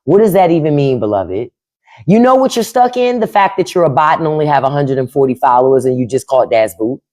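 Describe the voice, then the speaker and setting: A woman's voice: sits low, animated, brisk, darkish tone. A woman hosting a livestream from home, giving blunt, profane opinions and answering her chat. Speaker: podcast host on a livestream. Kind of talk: unfiltered political livestream rant.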